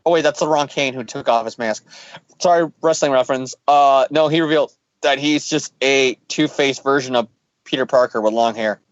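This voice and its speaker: A man's voice: mid-range voice, normal speed, no room sound, dull audio. A man casually recapping a comic book story, rambling and joking while acting out the characters' lines. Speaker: podcast host.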